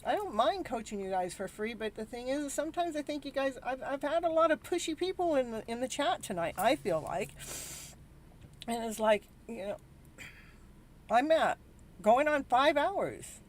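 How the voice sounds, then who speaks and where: A woman's voice: high voice, animated, normal speed, a little hiss or hum. A tired, worn-out woman hosting a live tarot reading, rambling and exasperated as she talks to her viewers. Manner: rambling, weary and exasperated, with frequent restarts. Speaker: tarot reader and show host.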